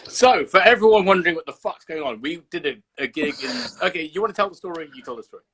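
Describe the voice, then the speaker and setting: A man's voice: a little high, expressive, quick pace, a bit bright, slightly rough, rough recording. A man hosting a casual livestream chat over a video call, teasing his guest, swearing freely and telling stories with animation. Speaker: host.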